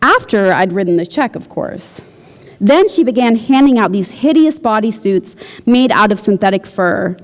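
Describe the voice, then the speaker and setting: A woman, a visiting writer, reading her fiction aloud at a university event in a steady, measured way. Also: mid-range voice. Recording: long hall reverb.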